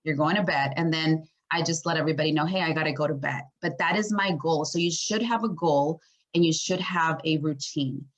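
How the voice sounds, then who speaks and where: A woman with a somewhat low voice leads a wellness workshop. She talks in a chatty, informal teaching style, loose and full of fillers. Now and then she acts out her own thoughts in quick asides. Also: muffled recording. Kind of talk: casual teaching talk.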